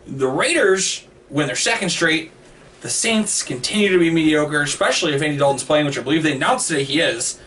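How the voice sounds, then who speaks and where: A man co-hosting a casual sports picks chat over an online call, quick with jokes and banter. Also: a little high, expressive. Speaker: co-host making picks. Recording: distant mic with faint noise.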